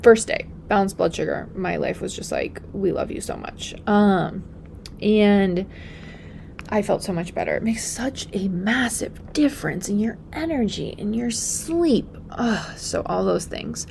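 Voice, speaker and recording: A young pregnant woman hosting a casual solo podcast. She talks in a chatty way and often drops to a soft, breathy near-whisper. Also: mid-range voice, expressive, a little slow, slight background noise. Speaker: podcast host and functional practitioner.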